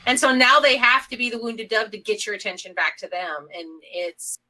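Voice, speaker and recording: A woman co-hosting a casual podcast panel, explaining things slowly and deliberately. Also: on the high side, lively intonation, sharp tone, low-quality recording.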